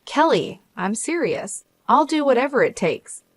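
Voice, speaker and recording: A woman's voice: high voice, big pitch swings, measured pace, voice pushed up, full character voice. A woman narrator voicing a desperate ex-husband who pleads to be taken back. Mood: pleading.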